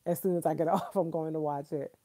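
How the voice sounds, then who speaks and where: A woman in her thirties hosting a live stream, gushing excitedly and chatting straight to her viewers. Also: sits low, fast talker.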